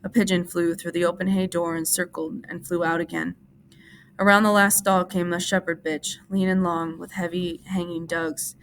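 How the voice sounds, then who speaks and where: A woman teacher reads a novel aloud in a steady, measured way. Her voice sits low and carries a gravelly fry, and a faint hiss lies under it. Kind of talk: audiobook-style reading for class.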